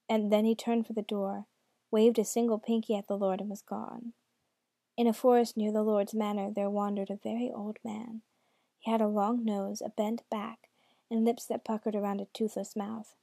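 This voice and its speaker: In a mellow, dark-toned, mid-range voice, a woman narrates a storybook at a moderate pace, with little pitch movement and some vocal fry. She breaks off for wry asides to the listener. The sound is dry and close, with no room or echo.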